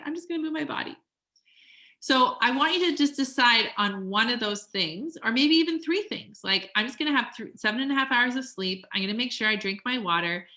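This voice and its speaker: A woman's voice: mid-range voice, sharp tone. A woman in her forties coaching clients from her home studio, chatty and encouraging, often acting out her own thoughts. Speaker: weight-loss coach. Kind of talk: casual coaching talk to clients.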